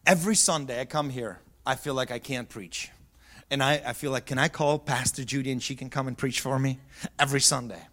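A middle-aged pastor preaching a sermon, moving between quiet, low talk and loud yelled peaks. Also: male voice, fairly quick. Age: middle-aged or older. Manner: swings from soft and low to yelling at high pitch.

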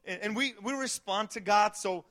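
A male pastor preaching a sermon in a lively, animated way, acting out quotes and sometimes shouting for emphasis. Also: high-pitched, moderate pace.

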